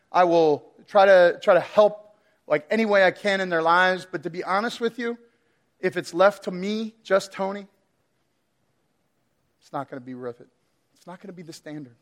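A man with a fairly high voice delivers a sermon. He laughs often and acts out his pets' voices in playful asides. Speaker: preacher.

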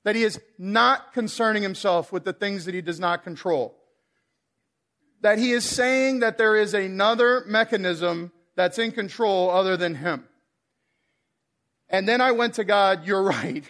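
A man's voice: high voice, unhurried, a bit bright. A man giving a casual, self-deprecating sermon in a church, rambling and joking with the congregation. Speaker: guest preacher. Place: church sanctuary.

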